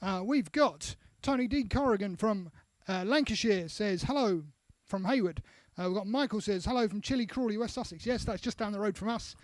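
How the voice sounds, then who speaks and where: Very high-voiced man reading comments. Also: a little fast, few pauses, dry recording. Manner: chatty, reads out names with asides. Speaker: co-host reading viewer comments. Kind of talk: casual live-stream chat.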